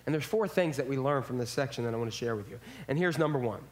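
A man's voice: medium pitch, expressive, fast. A man preaching a sermon in a church, speaking casually and acting out quotes in character voices. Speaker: pastor.

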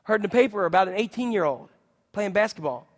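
Guy preaching a sermon, high voice, big echoey hall, goes loud then real quiet. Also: animated, fast. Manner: dynamic preaching, swinging from loud emphatic to hushed. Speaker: pastor.

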